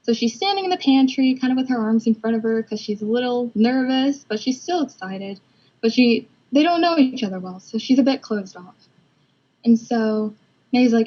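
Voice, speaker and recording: A woman's voice: fairly high pitch, animated, moderate pace. A young woman presenting a storyboard casually, with many "kind of" and "like" fillers. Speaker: student presenter. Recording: dull lo-fi recording.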